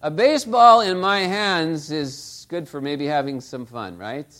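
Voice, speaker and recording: A man's voice: fairly high pitch, measured pace, fairly bright tone. A man preaching a sermon, telling stories and asking the listeners rhetorical tag questions. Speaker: pastor.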